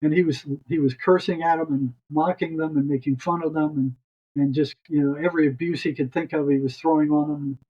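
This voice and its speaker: Older male guest storyteller, husky voice, rambling restarts, muffled lo-fi audio. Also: fairly high pitch, steady tone, brisk. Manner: rambling, repeats words as he restarts. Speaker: guest, retired psychotherapist. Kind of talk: long storytelling anecdote.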